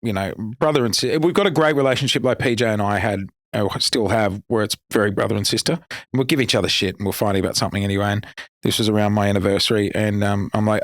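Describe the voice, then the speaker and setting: A man, a radio co-host chatting as a guest and telling lively, sweary anecdotes. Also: fairly low pitch, quick pace, no room sound, studio quality. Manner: animated, swears freely, acts out voices in anecdotes. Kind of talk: casual storytelling chat.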